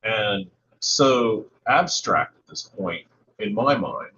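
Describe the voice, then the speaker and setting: A man joining a livestream as a guest, talking slowly and haltingly with many restarts. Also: on the low side, expressive, bright, forceful tone. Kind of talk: casual livestream chat. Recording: dull lo-fi line with faint noise.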